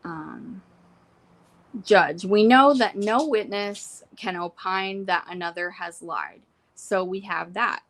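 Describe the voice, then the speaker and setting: A woman's voice: medium pitch, slow, fairly bright tone. Casual woman recapping court notes. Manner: reads court quotes then adds asides. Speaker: trial reporter. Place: home room with pets.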